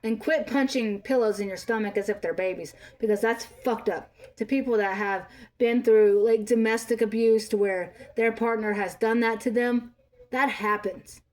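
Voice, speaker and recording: A woman's voice: fairly high pitch, fairly even intonation, normal speed. A woman in her thirties delivering an angry, profane commentary rant, scolding bluntly. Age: 30s. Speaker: vlogger.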